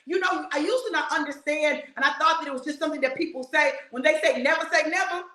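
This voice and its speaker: A woman preacher, giving a sermon in a fiery, repetitive style, with bursts of shouting and laughter. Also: high-pitched, fast, echoey room, rough recording.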